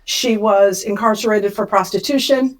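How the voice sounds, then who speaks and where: A middle-aged woman from Kansas, a podcast guest telling a personal story with emotion, rushing when she relives the panic. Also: mid-range voice, rough recording.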